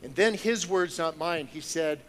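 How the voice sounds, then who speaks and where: A man giving a sermon through personal stories, moving from hushed storytelling to loud, excited preaching before a congregation. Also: a little high, unhurried, slight background noise, rough recording. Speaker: lay speaker. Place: church sanctuary with a congregation.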